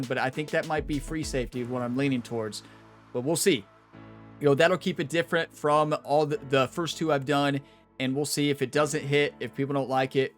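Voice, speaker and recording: A man hosting a gaming channel, wrapping up a series in casual, rambling chat, often laughing and swinging between excited and subdued. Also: on the high side. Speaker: gaming YouTuber host.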